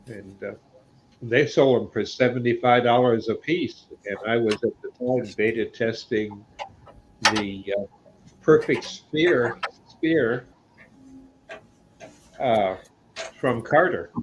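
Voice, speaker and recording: Slow, hesitant man on a dull call. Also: mid-range voice. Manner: slow, hesitant, many pauses. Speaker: woodturner. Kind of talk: casual chat on a video call. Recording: dull lo-fi sound with clear background noise.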